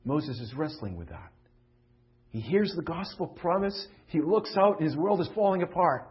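Pastor preaching with sweeping dynamic swings. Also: male voice, on the high side, moderate pace. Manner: swings from loud pleading questions to hushed confiding tones. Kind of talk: sermon. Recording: dull lo-fi recording.

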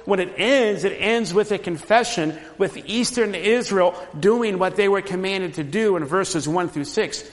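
Male pastor, sermon, slow deliberate delivery, long hall reverb, emphatic swells. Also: high-pitched. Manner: emphatic preaching, rising loud on repeated phrases.

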